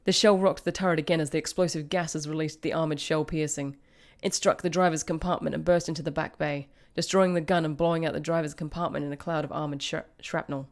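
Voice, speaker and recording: Woman, story reading, deep voice, casual asides. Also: fairly even intonation, fast talker, few pauses. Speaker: host.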